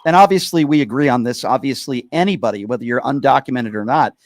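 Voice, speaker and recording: A man hosting a live call-in radio show, pressing callers with pointed questions and cutting in to slow them down. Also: medium pitch, dry recording, clean studio sound. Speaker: radio talk show host.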